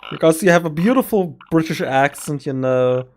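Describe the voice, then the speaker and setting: Streaming as a game master planning a campaign, this man from Germany, a native German speaker, rambles and giggles with sudden quick bursts. His voice is fairly high, expressive and slightly mellow.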